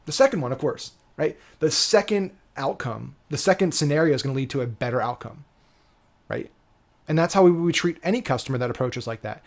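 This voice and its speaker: A digital marketing coach delivers a casual, emphatic lesson in a fairly quick, animated voice that sits on the high side. He keeps checking in with "right?" and swears casually as he teaches.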